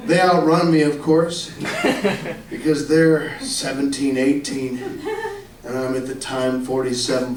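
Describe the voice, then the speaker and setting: A man in his forties telling a profane comic story on stage, breaking into shouts. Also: mid-range voice, gravelly, recorded from a distance, heavy background noise. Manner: animated, shouting bursts, profane. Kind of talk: live comedy storytelling. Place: comedy club stage with live audience. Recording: roomy live club recording with crowd. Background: audience laughter.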